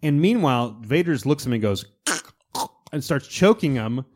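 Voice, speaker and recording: A man hosting a casual podcast chat, lively and jumping into put-on voices when he quotes film scenes. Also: mid-range voice, moderate pace. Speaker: podcast host.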